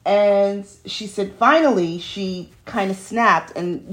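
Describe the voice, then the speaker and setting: A woman from New York City hosts a podcast alone, chatting through personal stories. She digresses often and talks at an ordinary pitch, recorded in a home studio. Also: slow pace. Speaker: podcast host. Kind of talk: casual solo monologue.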